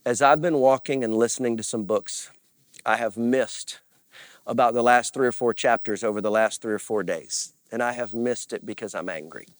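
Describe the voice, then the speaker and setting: A man's voice: medium pitch, normal speed, no echo. A man preaching as a pastor, earnest and confessional, with repeated phrases and rising bursts of emphasis. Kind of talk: sermon.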